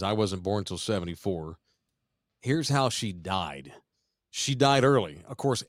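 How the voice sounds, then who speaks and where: A man's voice: fairly low pitch, dry recording. Guy in his 40s rambling through a crude story, dry close sound. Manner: profane, rambling storyteller, laughs at dark jokes. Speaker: podcast host. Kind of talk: casual storytelling chat.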